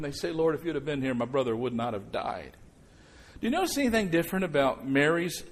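Middle-aged male pastor, slightly high voice, animated sermon delivery, quiet one moment and loud the next. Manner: animated, conversational preaching with sudden loud outbursts.

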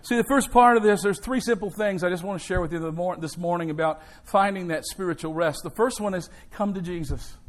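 A man's voice: high voice, a little fast, hardly any pauses. A male pastor delivering an emphatic sermon in a church, with call and response to the congregation.

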